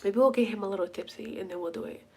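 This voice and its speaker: A woman's voice: medium pitch, very fast, a little mellow, a little hiss or hum. A young woman hosting a live stream, chatting casually and answering viewer comments in a blunt way, swearing freely and slipping into Spanish now and then. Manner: bilingual, slips into Spanish. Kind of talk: casual chat, reading viewer comments aloud.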